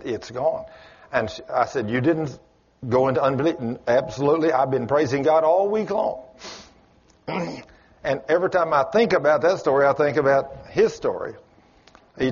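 A man preaches a sermon, slipping into folksy storytelling and acting out both sides of the conversations he recounts. His voice sits a little high for a man. The recording is dull and lo-fi, as if taped in a church. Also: slightly rough. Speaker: pastor.

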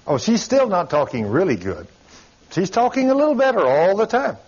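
An older man, preaching a sermon in a folksy, emphatic storytelling way, his voice a little husky. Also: high-pitched, sing-song, normal speed, lo-fi sound.

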